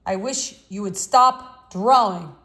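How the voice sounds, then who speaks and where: A woman's voice: mid-range voice, takes it slowly, a bit bright, poor audio. A woman reading the part of a stern, worried father who scolds his young son. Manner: agitated, scolding.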